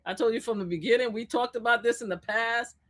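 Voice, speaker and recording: A woman calling in as a guest on a live stream, talking loud, animated and sassy in casual political chat. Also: fairly high pitch, fast talker. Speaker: guest commentator.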